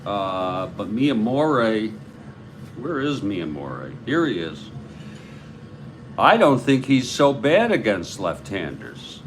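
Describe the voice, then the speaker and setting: A man from New York with a New York accent, calling a tabletop baseball replay in a slow, rambling way and chatting with viewers between plays. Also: on the low side, big pitch swings, a little hiss or hum. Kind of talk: play-by-play of a board game with chat.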